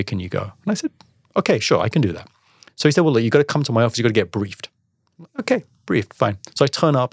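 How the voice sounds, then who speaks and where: A man telling a personal business story in a casual interview, acting out the dialogue with animated voices. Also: on the low side, creaky, no room sound, studio quality. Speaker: podcast guest, entrepreneur.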